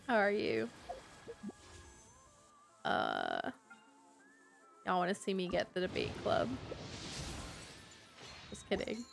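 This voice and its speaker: A young woman streamer chats casually with her audience and laughs often. Her delivery is slow, and her voice has a gravelly edge. Faint game music runs in the background. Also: on the low side, huge pitch swings. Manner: chatty, giggly, reads chat aloud. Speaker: Twitch streamer. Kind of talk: casual live stream chat.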